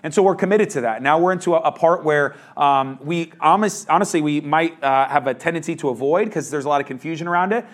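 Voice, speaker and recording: A man's voice: on the high side, quick pace, hardly any pauses. A man preaching a verse-by-verse sermon as pastor, in a casual, conversational manner.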